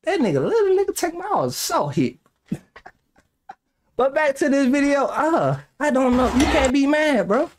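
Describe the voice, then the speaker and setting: A man's voice: very high voice, normal speed, slight background noise. A young man hosting a reaction video, talking casually with lots of profanity, frequent laughter and rambling side stories. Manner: animated, profane, laughs often, rambling anecdotes.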